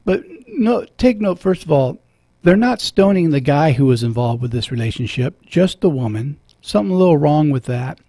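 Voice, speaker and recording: A man's voice: a little high, animated, normal speed, dark tone, no echo. A middle-aged man hosting a radio talk show from a studio, earnest and preacherly, moved when he quotes scripture.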